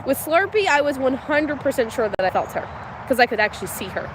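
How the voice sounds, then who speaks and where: A woman's voice: high voice, sing-song, fairly quick, background noise. A woman hosting a casual livestream outdoors at a farm, chatty and giggly, talking to her animals. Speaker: homestead mom and livestream host. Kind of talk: casual live-stream chat.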